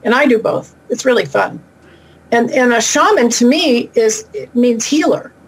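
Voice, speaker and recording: Chatty down-to-earth woman, a bit high. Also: expressive, breathy edge, poor audio. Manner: chatty, down-to-earth, quick asides. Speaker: guest, animal intuitive and shaman. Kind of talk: casual interview talk. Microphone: remote call.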